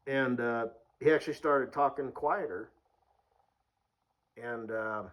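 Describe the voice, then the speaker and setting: A man's voice: medium pitch, dull audio. A young man telling stories in a casual vlog, rambling with lots of fillers and swearing freely. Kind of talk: casual storytelling.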